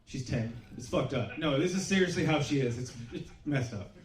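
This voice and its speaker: A middle-aged man doing a stand-up comedy set, deadpan and self-deprecating, swearing freely. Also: mid-range voice, normal speed. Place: small comedy club stage. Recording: roomy club sound from a distance. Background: audience laughter.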